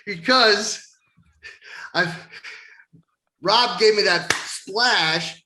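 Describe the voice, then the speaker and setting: Man, middle-aged, profane storyteller, slightly high voice, bright and forceful. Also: very slow. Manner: profane, laughing, animated storyteller. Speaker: wrestling interview guest. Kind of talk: casual storytelling.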